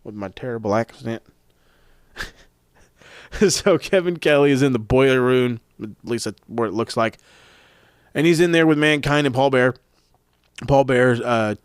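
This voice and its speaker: A man's voice: mid-range voice, clear, resonant tone, no room sound, clean studio sound. A man hosting a podcast, recapping matches in a casual, profane, rambling way that often corrects itself. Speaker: podcast host reviewing wrestling events. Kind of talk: casual chat.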